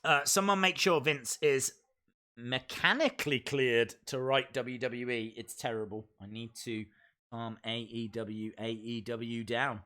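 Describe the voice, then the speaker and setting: A man's voice: mid-range voice, fairly even intonation, unhurried, sharp tone. A man hosting a live wrestling reaction stream, chatting with viewers and ranting in mock outrage. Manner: chatty, mock-outraged, reads out chat messages. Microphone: desk microphone.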